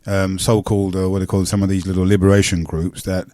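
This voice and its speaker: A man's voice: low voice, level tone, quick pace, warm tone, dry recording, clean studio sound. A man hosting a live community radio talk show, speaking with many fillers and stammered restarts. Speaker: radio host.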